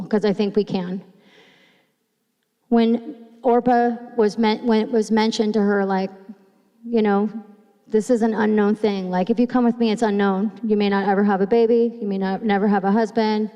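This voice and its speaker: A woman pastor preaching in a church, her voice at a middle pitch for a woman. She reads scripture slowly and retells it in her own words, a little nervous, with halting restarts. Long reverb from the church hall trails after each phrase. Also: fairly even intonation, mellow, highs cut off. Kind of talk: sermon with scripture reading. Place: church sanctuary.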